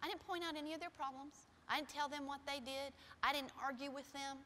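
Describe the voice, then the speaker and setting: A middle-aged woman pastor preaching a sermon with personal stories in a church, shifting from soft, quiet passages to loud, emphatic ones. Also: sits high, flat delivery, fairly quick, slight background noise. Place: church sanctuary. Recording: long hall reverb.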